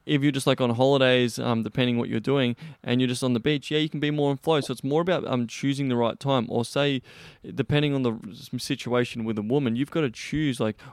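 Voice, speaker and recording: A man's voice: medium pitch, steady tone, brisk, no echo, clean studio sound. A young man hosting a podcast, telling a rambling story with heavy swearing and frequent restarts. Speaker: podcast host. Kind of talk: casual storytelling monologue.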